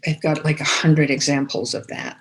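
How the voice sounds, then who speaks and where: Older woman guest, veteran fundraiser, lower register, anecdotal and animated with lots of restarts. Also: normal speed, vocal fry. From United States. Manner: storytelling, animated, many restarts and repeated words. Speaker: guest, former chief fundraiser. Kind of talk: conversational podcast interview.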